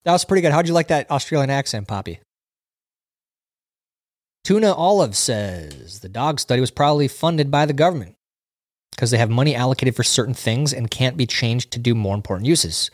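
A man's voice: medium pitch, animated, a little fast, no echo, clean studio sound. A man hosting a casual livestream, reading viewer comments aloud and chatting about them. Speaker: livestream host reading chat. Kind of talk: casual chat.

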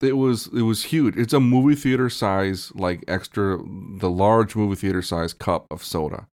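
A man co-hosting a casual comedy podcast, telling stories with animated energy and casual swearing. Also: lowish voice, normal speed. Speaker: podcast co-host.

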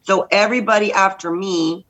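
A middle-aged woman from Texas, a guest candidate telling lively stories in a podcast interview and acting out the voices in them. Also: mid-range voice, normal speed, rough recording. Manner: lively, acts out voices in anecdotes. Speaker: guest, state senate candidate. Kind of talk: animated storytelling in a podcast interview.

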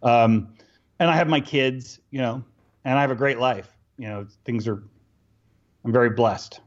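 A middle-aged man telling stories casually as an interview guest, animated and acting out bits of dialogue with laughs. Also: medium pitch, a little slow. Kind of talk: casual storytelling. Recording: dull lo-fi recording.

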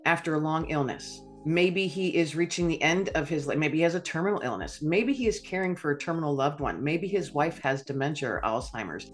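Give me a woman with a lowish voice telling a personal story on a podcast, animated and quick to laugh. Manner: animated, laughs often, acts out dialogue. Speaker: podcast guest, author.

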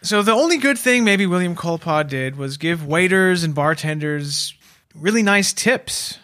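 A man with a high, bright voice chats on a comedy podcast. He jokes and riffs loosely, filling his phrasing with "like" and "you know". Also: expressive, no room sound, studio quality. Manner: joking, quick to laugh, loose filler-heavy phrasing. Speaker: podcast co-host. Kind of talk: casual comedic chat.

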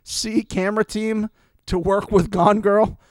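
A man's voice: high voice, little pitch movement, a little slow, dry recording, clean studio sound. A young man co-hosting a casual reality-TV podcast, chatting with mock-dramatic asides. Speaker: podcast co-host.

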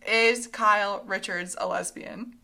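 Young woman, podcast co-host, casual chat, enthusiastic, bright crisp tone. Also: medium pitch, steady tone, measured pace. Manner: enthusiastic, chatty.

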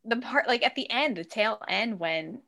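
A woman co-hosting a podcast, talking in a lively, casual way, acting out quotes and swearing freely. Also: moderate pace, gravelly. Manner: animated, acts out quotes with big pitch jumps. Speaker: podcast co-host. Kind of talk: casual chat.

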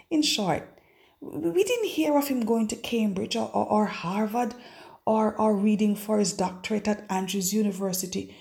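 A woman teaching a devotional Bible lesson, telling it as an expressive, dramatic story. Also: medium pitch, moderate pace, vocal fry. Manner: expressive, dramatic storyteller who acts out scripture.

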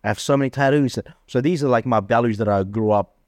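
A man's voice: medium pitch, fast talker, no echo, clean studio sound. A man hosting a casual chat, bragging and acting out his own dialogue in a raised voice. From Australia. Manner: boastful, acts out quoted dialogue in a raised voice. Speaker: podcast host.

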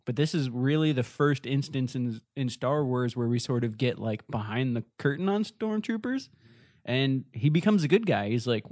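Enthusiastic male podcast co-host, dry close sound, lively casual delivery. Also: medium pitch, normal speed, dry recording. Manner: enthusiastic, animated storytelling. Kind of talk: casual chat.

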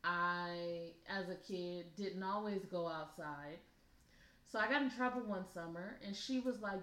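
A woman with a bright, crisp voice talks through stories in an easygoing chat. She is relaxed and chatty and laughs easily. The room around her is echoey. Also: lowish voice, a little slow. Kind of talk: casual chat.

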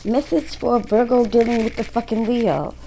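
A woman's voice: a little high, fairly even intonation, moderate pace, vocal fry, warm tone, a little hiss or hum, low-quality recording. A woman doing a casual tarot reading, talking bluntly to her viewers and swearing freely. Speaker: tarot reader.

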